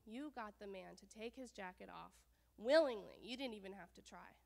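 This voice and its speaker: A woman's voice: medium pitch, moderate pace, vocal fry, long reverb tail, voice pushed down, close to an everyday voice. A woman voicing a grumpy, show-off male wind in a children's story, brash and taunting. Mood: grudging.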